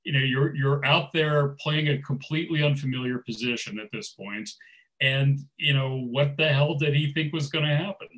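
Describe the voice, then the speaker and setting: A man's voice: medium pitch, normal speed, a bit bright, poor audio. A man chatting casually as co-author, hesitant, filling with like and you know. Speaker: co-author, guest. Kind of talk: casual chat.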